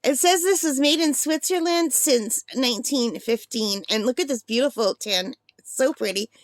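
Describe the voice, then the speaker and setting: A sixty-year-old woman unboxing a birthday gift on her vlog, gushing with breathless excitement. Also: high-pitched, normal speed, no room sound, clean studio sound. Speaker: art supply vlogger.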